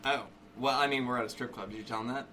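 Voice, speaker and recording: A player in a tabletop game, wry and quick to laugh. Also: mid-range voice, steady tone, bright, forceful tone, slight background noise. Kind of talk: casual tabletop game play.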